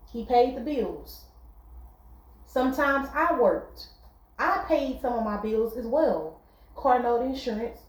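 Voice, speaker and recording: Earnest woman talking in an echoey room. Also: a little high. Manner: earnest, repetitive, conversational. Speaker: vlogger giving relationship advice. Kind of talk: casual monologue.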